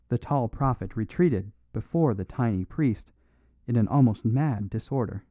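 A man reading a mystery audiobook in an even, measured way. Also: medium pitch, no room sound. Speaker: audiobook narrator. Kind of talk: scripted audiobook narration. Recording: dry phone-like narrow sound.

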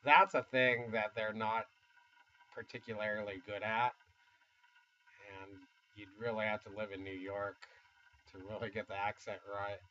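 A man's voice: fairly low pitch, little pitch movement, unhurried, long pauses, sharp tone, dull audio. A man in his fifties from the United States, rambling casually and self-deprecatingly in a vlog, with chuckling asides. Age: 50s. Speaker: YouTuber. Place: home studio.

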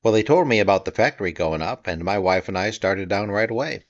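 A man's voice: on the low side, brisk, close to an everyday voice. A man voicing a matter-of-fact house painter from Vermont, on a dull, slightly muffled recording. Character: older French Canadian house painter.

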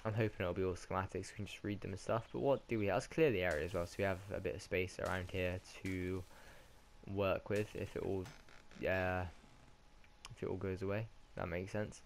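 A lower-voiced British man talks through his game in a casual, rambling way. He corrects himself often and chats as if to himself. A faint hum sits under the recording. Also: flat delivery, a little fast, vocal fry. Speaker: gaming commentator. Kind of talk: casual let's-play commentary.

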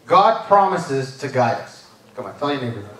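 A man's voice: mid-range voice, sing-song, normal speed, slight background noise. Guy preaching at church, chatty, keeps asking right? amen?, sounds far off in a big echoey room. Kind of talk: sermon. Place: church service.

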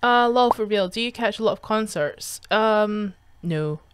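A young woman gaming streamer gives casual commentary while reading chat messages aloud, swearing and laughing often with a sarcastic edge. Her medium-pitched voice is unhurried, clear, and resonant, in a dry recording.

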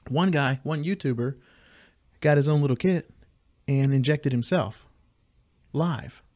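Animated laughing podcast host, man. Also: medium pitch. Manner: animated, laughs often, quick storytelling. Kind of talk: casual chat over beers.

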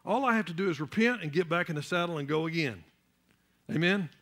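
A man delivers a church sermon in a high, sharp, forceful voice. He builds steadily to loud, emphatic peaks and often repeats a word while reaching for the next. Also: expressive, fast talker. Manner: repeats words while searching for the next one. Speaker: pastor.

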